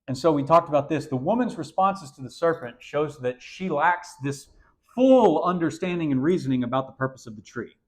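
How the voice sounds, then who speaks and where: A man preaching an animated sermon to young people, often repeating words as he goes. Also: on the high side, fairly quick.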